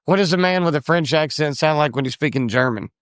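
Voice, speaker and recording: A man's voice: on the high side, fast, no room sound, studio quality. An American man co-hosting a podcast in casual chat, rambling through his ideas and restarting his thoughts. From United States. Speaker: podcast co-host.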